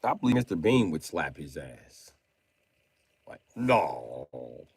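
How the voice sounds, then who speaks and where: A low-voiced man on a livestream, ranting and mocking with a voice that leaps all over the place. He breaks into loud shouted bursts and throws in put-on British slang as a joke. The sound is close and dry. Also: sing-song, measured pace, husky, no echo.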